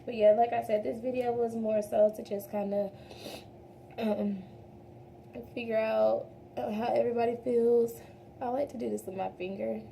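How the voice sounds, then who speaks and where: A woman's voice: fairly high pitch, fairly even intonation, normal speed, creaky, mellow, slight background noise. A woman doing a casual makeup tutorial at home, talking earnestly and rambling a little, calling her viewers "y'all". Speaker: beauty vlogger. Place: home, daylight from a window.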